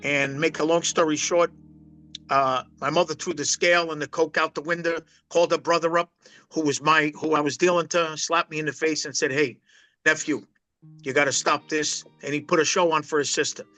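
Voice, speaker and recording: A man's voice: a little high, flat delivery, a little fast, pushed and bright, soft background music. A man, telling his life story as a guest in a long rambling interview, full of restarts. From Brooklyn, New York. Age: 60s. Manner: rambling, emphatic, many restarts. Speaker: poker pro guest.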